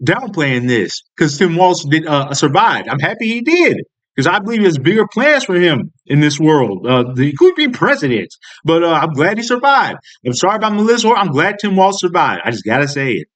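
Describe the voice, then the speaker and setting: Man ranting with a high, lively voice. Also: fairly quick. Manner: profane, heated, ranting with repeated restarts. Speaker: political commentary vlogger. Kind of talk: angry political rant.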